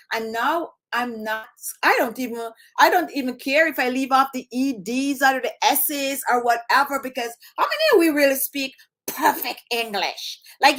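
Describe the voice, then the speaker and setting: With a high, fairly bright voice and a Jamaican accent, she hosts a beauty channel in relaxed talk to camera. She drops her H's and leans on repeated phrases for emphasis.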